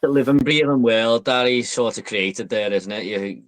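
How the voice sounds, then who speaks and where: A man muses about films in a casual podcast chat. His middle-pitched voice wanders with ums and trailing thoughts, and he often closes with tag questions. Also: normal speed. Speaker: movie podcast co-host.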